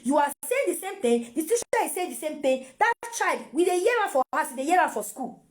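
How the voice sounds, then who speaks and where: A woman's voice: high voice, very animated, brisk. A Nigerian woman and mother giving casual parenting advice to camera, repeating phrases and mixing in pidgin.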